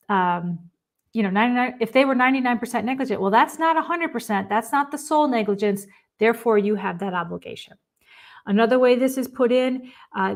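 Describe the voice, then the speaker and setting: Emphatic woman presenting a webinar. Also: on the high side. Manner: explanatory, emphatic, acts out client quotes. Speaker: risk management presenter.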